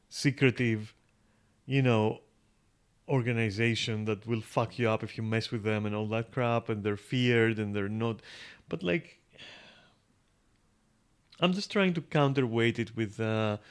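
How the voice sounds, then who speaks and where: A man's voice: mid-range voice, clear, resonant tone. A man streaming a game, thinking aloud in loose, rambling talk full of fillers and casual swearing. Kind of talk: casual gameplay commentary.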